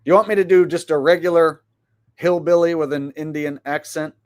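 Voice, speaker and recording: A man's voice: on the high side, fairly even intonation, brisk. A man hosting a casual livestream, rambling through his commentary with frequent hesitations. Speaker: channel host.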